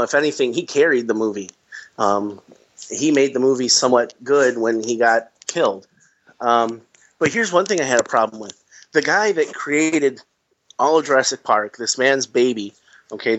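A man in casual movie-talk chat, animated and complaining, who circles back and repeats his points when he gets worked up. His voice sits mid-pitch, and the recording sounds dull and lo-fi. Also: moderate pace. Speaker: podcast co-host.

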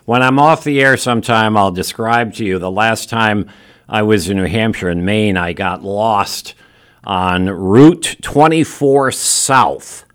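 A man's voice: on the low side, slow pace, fairly bright tone, smooth. A man hosting a local radio talk show, chatting in an easygoing, rambling way with fillers. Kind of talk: casual on-air chat.

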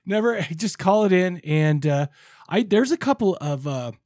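A man hosts a podcast in a loose, rambling way and talks his way around his points. His voice sits somewhat high, and the sound is dry and close to the mic. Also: animated, unhurried, a little mellow, no echo. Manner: rambling, laid-back, with lots of fillers and restarts. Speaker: podcast co-host. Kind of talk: casual chat.

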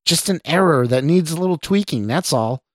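A man's voice: mid-range voice, lively intonation, normal speed, slight background noise, voice pushed up, close to an everyday voice. A man voicing a nervous young male scientist who stammers and pleads defensively, in a story reading. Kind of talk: audio drama reading.

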